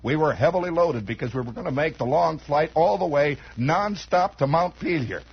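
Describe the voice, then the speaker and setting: Hosting a 1960s radio program, a man improvises a meandering comic tale and acts out some scenes. He's animated and moderately paced, with a slightly rough voice that's a little high. The broadcast sounds dull and lo-fi.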